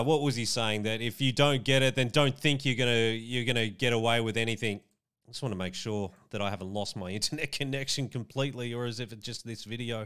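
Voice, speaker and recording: A man giving indignant, animated commentary on political video clips, full of chatty asides. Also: mid-range voice, clear, resonant tone. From Australia.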